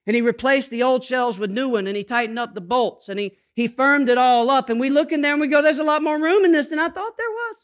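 A man preaching a sermon, moving from quiet, intimate passages to emphatic, rising calls to the congregation. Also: extremely high pitch, quick pace, few pauses. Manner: dynamic preaching, swings from hushed to emphatic. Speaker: pastor.

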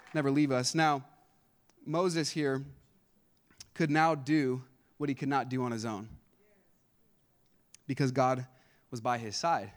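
A male pastor preaching a sermon, with a rhythmic, repetitive delivery that builds to loud, emphatic peaks. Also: a little high, unhurried, long pauses.

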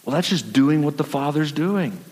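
Preaching in a large hall full of long reverb, this pastor has a slightly high, darkish voice and an animated delivery at a moderate pace. His sermon unfolds as relaxed, chatty storytelling, with occasional repeated words.

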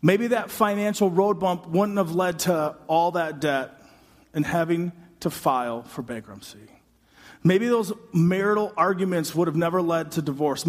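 A man with a high voice delivers a sermon from a church stage, retelling the story and slipping into its characters' voices. His words carry a long reverb from the hall around him. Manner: dramatic, acts out voices, builds to shouting. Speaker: pastor.

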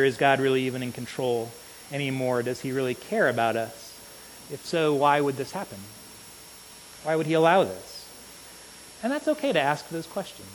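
A man preaching a sermon in an earnest manner, often checking in with the congregation with a quick "right?". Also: on the high side. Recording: long reverb with faint hiss.

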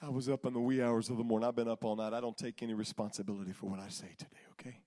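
A male preacher delivering a sermon, swinging between shouted exhortation and hushed, drawn-out lines. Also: medium pitch, flat delivery.

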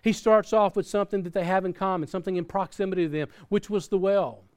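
A man's voice: sits high, fast talker, darkish tone, clear, resonant tone. A man preaching a sermon as pastor, earnest, often repeating and restarting words, and reading scripture aloud. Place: church in Australia.

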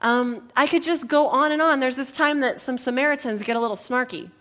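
Woman pastor, higher voice, lively sermon delivery with playful asides. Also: a little fast. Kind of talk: sermon with scripture reading.

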